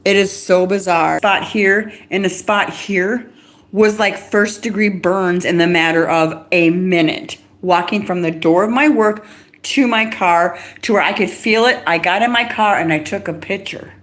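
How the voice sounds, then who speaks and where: A middle-aged woman rambles through a live stream, agitated and quick. She restarts her sentences and laughs between thoughts. Her voice sits at an ordinary pitch for a woman. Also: fairly bright tone. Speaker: livestreamer.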